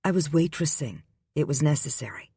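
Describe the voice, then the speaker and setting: A man's voice: fairly high pitch, lively intonation, a little fast, vocal fry, husky, no echo, studio quality, full character voice. A male audiobook reader voicing a stubborn, indignant young pregnant woman who talks back sharply. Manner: sharp and defiant.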